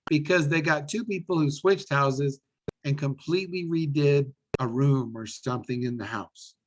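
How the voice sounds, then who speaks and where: Brief: a lively man giving a business presentation, energetic and a touch higher-pitched. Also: poor audio. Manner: animated, enthusiastic, repeats words. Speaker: webinar presenter.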